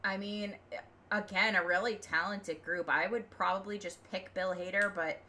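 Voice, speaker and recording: A young woman from the United States talks through a casual livestream. She rambles and sounds opinionated, full of fillers and quick laughs, and her voice sits at an ordinary middle pitch for a woman. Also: fairly even intonation, bright, forceful tone. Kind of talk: casual chat.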